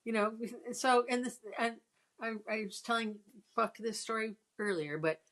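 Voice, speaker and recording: A woman's voice: a little high, normal speed, a bit bright. Woman in her sixties telling a story. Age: 60s. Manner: storytelling, frequent restarts. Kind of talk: casual chat.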